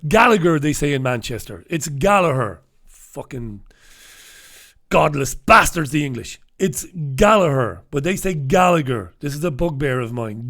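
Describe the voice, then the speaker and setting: A man's voice: medium pitch, fairly bright tone. A middle-aged man, hosting a casual, humorous newspaper review, full of irreverent swearing and chuckling asides.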